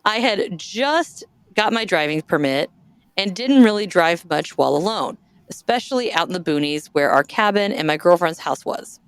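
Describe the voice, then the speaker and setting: A woman's voice: fairly low pitch, animated, moderate pace, clear, resonant tone, dry recording. A woman hosting a podcast in casual chat, reading listener stories aloud, jokey and self-deprecating, often trailing off and restarting. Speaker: podcast host.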